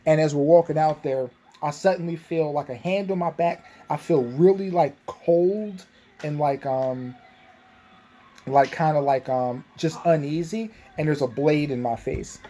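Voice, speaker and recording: A man's voice: on the high side, unhurried, warm tone, slight background noise. A young man casually recapping a tabletop game session, rambling with lots of fillers and restarts.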